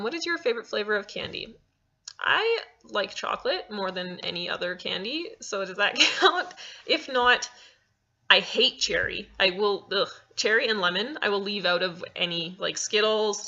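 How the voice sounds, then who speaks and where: A woman's voice: mid-range voice, bright, forceful tone. A young woman chatting casually as a vlogger, answering viewer questions and laughing often. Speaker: cosplay vlogger. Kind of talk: casual vlog Q&A. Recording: dull lo-fi home recording.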